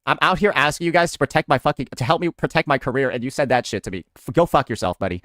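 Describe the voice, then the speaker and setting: A man's voice: mid-range voice, rapid-fire, fairly bright tone, dry recording, clean studio sound. A man streaming in casual talk, blunt, boastful and full of swearing, heard in a played clip.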